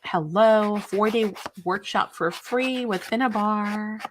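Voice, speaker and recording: A woman's voice: medium pitch, a little slow, noisy background. A woman hosting a craft live stream, chatting casually with viewers in an enthusiastic, rambling way.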